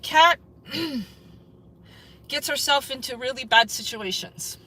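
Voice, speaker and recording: A woman livestreaming on a city street from a phone, giving sarcastic commentary on police and at times shouting at them. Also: sits high, slow, low-quality recording. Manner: sarcastic, turns to loud shouting at officers. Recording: street recording with traffic noise.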